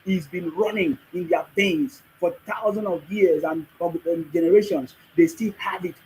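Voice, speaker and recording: A man's voice: high voice, normal speed, mellow, slight background noise, poor audio. A middle-aged man with a Nigerian accent hosts a livestream, reading viewer comments and commenting on them in a repetitive, preachy way. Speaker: livestream host.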